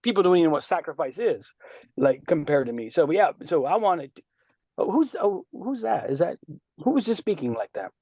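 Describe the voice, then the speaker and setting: A man speaking on a group call in a boastful, animated way with streetwise slang, lecturing and taking questions. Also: a little high, brisk, dry recording, dull audio. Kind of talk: casual lecture and Q&A.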